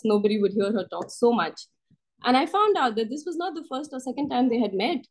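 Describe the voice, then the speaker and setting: Expressive woman storyteller narrating. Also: poor audio. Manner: expressive, lifts her pitch for quoted voices. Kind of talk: first-person story narration. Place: storytelling workshop.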